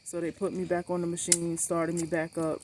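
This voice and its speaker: A woman vlogging about her cancer treatment, telling a story to camera in a blunt, animated way, swearing freely and repeating points for emphasis. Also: lowish voice, moderate pace, noisy background.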